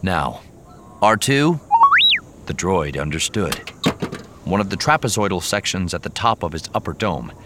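A man narrating a novel in a measured, storytelling manner. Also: deep voice, animated, very noisy. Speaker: audiobook narrator. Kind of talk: scripted narration.

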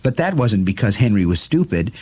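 A man reading a novel aloud as an audiobook narrator, in a measured, deliberate storytelling manner. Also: lowish voice, sing-song, mellow, husky.

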